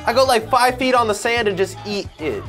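A young man giving casual, slangy reaction commentary on short videos, full of quick exclamations. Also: very high voice, lively intonation, fairly bright tone, soft background music.

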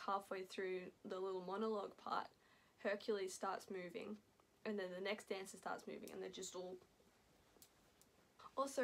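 A young Australian woman rambling excitedly in a casual reaction vlog, laughing often between thoughts. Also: medium pitch. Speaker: vlogger.

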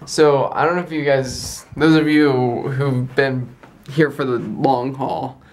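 A man's voice: mid-range voice, fairly even intonation, slow pace. A young man, vlogging in a chatty, rambling way and often correcting himself as he tells a story. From United States. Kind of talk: casual storytelling vlog.

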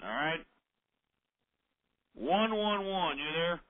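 A man's voice: on the high side, lively intonation, slow, no room sound. A man hosting a call-in radio show, ranting and hurling insults at callers. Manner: abrasive, insulting, belligerent. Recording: tinny phone-like radio audio.

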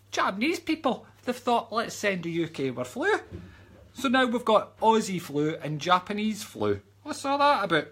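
Husky Scottish man ranting in live chat. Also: on the high side. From Scotland. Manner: chatty, ranting and joking, drops into mock whispers. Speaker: psychic medium reading live chat comments. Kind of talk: casual live-stream chat.

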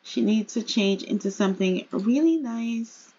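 Excitable gamer woman narrating her sims, kinda high voice, slow, muffled-ish audio. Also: slightly rough. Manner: chatty, excitable, laughing asides. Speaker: gaming creator. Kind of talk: casual gameplay commentary.

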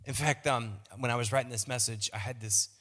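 A man's voice: mid-range voice, fairly even intonation, brisk, sharp tone. Playful male pastor in a reverberant hall. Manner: playful, self-mocking, repeats words. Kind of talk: sermon. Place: large church auditorium. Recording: long reverb of a church hall.

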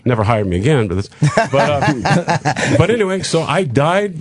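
An older man telling a long show-business story on a radio talk show, acting out the dialogue of the people in it with quick asides. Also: on the high side, breathy edge, dry recording. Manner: animated anecdote with acted-out dialogue and quick asides. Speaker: guest comedian telling a story.

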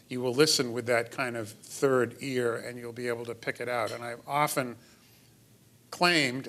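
A man's voice: medium pitch, fairly bright tone. A middle-aged man giving a lecture in a hall as a pediatrician, explanatory with wry asides. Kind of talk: lecture to an audience.

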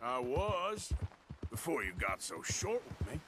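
A man's voice: mid-range voice, very animated, a little slow. An actor playing a rugged, sardonic male outlaw in a video game, speaking in a dry, blunt way. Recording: game audio with clear background noise.

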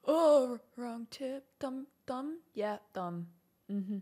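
A woman's voice: high voice, huge pitch swings, drawn-out words, heavy background noise. Giggly woman reacting to a movie. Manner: giggly, with frequent laughter. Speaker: host.

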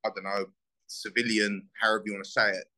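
Blunt South London fighter, bright voice. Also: male voice, fairly low pitch, little pitch movement, fast talker, rough recording. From South East London. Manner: blunt, swears freely, heated. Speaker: bare-knuckle fighter. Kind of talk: casual interview.

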